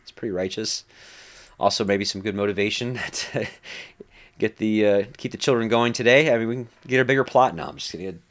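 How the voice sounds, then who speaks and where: A man's voice: lowish voice, a little fast. A man leading a Bible study in a casual, conversational way, full of fillers and acted-out quotes. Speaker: Bible teacher.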